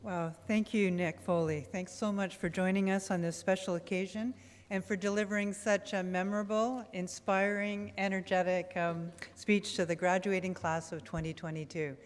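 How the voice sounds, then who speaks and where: A woman's voice: mid-range voice, fairly even intonation, moderate pace. A woman hosting a graduation ceremony, cheerful and joking as she thanks the speaker. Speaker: ceremony host. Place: large convocation hall. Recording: long hall reverb, faint noise.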